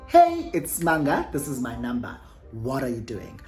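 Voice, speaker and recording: A South African woman quoting a friendly, considerate young male neighbour in a relaxed, slightly lowered voice. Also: moderate pace, soft background music, full character voice. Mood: easygoing.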